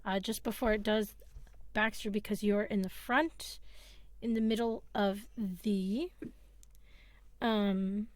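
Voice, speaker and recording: A woman narrating as game master of a tabletop game, halting and full of fillers as she describes the scene. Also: mid-range voice, fairly even intonation, no echo.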